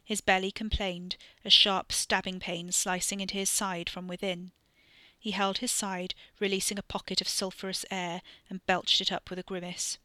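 A woman narrating a novel in a steady, even storytelling voice. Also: medium pitch, normal speed, dry recording. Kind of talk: audiobook fiction reading.

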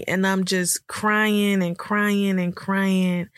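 A woman's voice: mid-range voice, steady tone, slow, no echo. Tearful young woman on a dry podcast mic. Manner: emotional, rambling, filler-heavy storytelling. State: tearful, choked up. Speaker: podcast host. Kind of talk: candid personal podcast talk.

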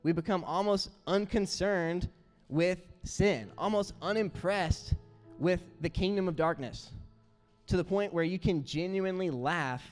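A man preaching a sermon as pastor, telling stories in an earnest, animated way. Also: sits high, unhurried. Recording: roomy hall with faint music.

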